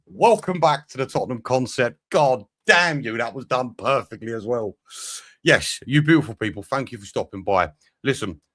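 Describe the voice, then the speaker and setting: A man hosting a casual live football podcast, swearing freely and sounding excitable and exasperated. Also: lowish voice. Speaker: podcast host.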